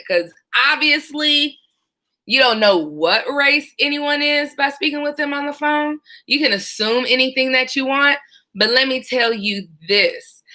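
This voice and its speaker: A former 911 dispatcher telling stories from the job in a casual, animated way, often breaking into laughter. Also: female voice, high voice. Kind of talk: casual storytelling vlog.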